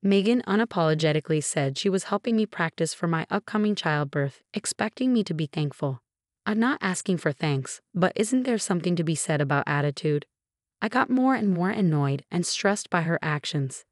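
A woman narrating a first-person story in an even, matter-of-fact way. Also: lowish voice, normal speed, no room sound, studio quality.

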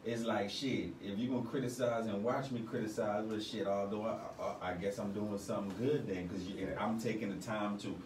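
Swaggering low-voiced rapper in an echoey room. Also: male voice, fairly even intonation, fairly quick, hardly any pauses, darkish tone, recorded from a distance, a little hiss or hum. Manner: swaggering, profane street slang, keeps saying "you know what I'm saying". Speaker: rapper guest. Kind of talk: casual interview.

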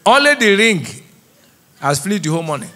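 A Nigerian pastor in a church, preaching with a high, bright voice. He throws half-finished lines out to the congregation and waits for them to call back the missing words. Middle-aged, he sounds firm and lively in the pulpit. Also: fairly quick. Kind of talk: sermon with call-and-response. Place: church auditorium.

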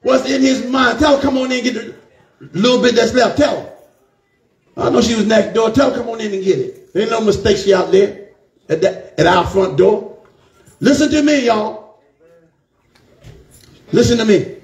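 A man preaches a fervent sermon with a high-pitched voice. His tone has a gravelly rasp, and he keeps calling out to his congregation. The sound echoes around a roomy church. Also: normal speed, long pauses.

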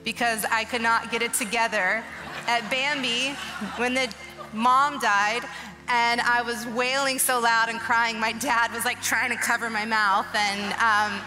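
A woman's voice: a little high, fairly even intonation, measured pace. A woman in her thirties giving an emotional, earnest testimony sermon on a church stage, urging the crowd with rising urgency. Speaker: guest speaker. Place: large church auditorium. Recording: long hall reverb with soft music behind.

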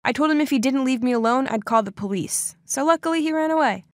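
A young woman narrating a dramatic first-person story with an expressive, animated delivery. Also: sits high, fast talker, no echo, studio quality.

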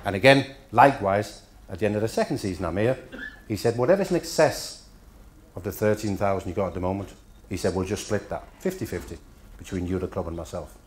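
A man's voice: on the low side, fast talker, slight background noise. A middle-aged man from Denmark giving an after-dinner speech in a hotel function room, telling anecdotes with dry punchlines. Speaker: after-dinner guest speaker.

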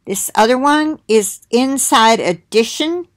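A woman's voice: fairly high pitch, animated, slow, dry recording. A middle-aged woman hosting her own video, chatting to viewers in a rambling way and reading titles aloud with asides. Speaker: video host sharing links. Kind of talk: casual monologue to viewers.

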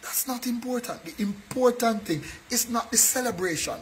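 A man's voice: very high-pitched, moderate pace, slight background noise, low-quality recording. A man, preaching a sermon in church in an earnest way and often checking in with his listeners by asking whether they follow. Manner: earnest preaching, keeps checking in with a tag question. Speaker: pastor.

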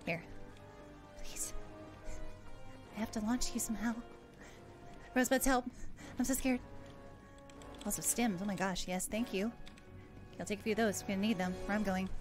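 A woman streaming a game, chatting casually with her viewers in a playful, giggly way with mock panic. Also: a little high. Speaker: VTuber streamer. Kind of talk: casual gameplay livestream.

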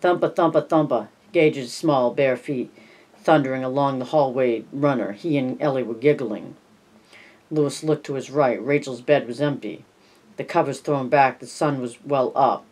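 Audiobook narrator, measured reading, mid-pitched voice, softens for tense passages. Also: slightly rough. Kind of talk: scripted narration.

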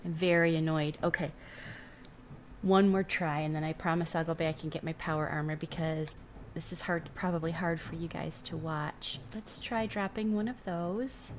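A woman's voice: sits low, fairly even intonation, normal speed, slight background noise. A young adult woman giving casual let's-play commentary, gushing and flustered as she plays. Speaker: gameplay host.

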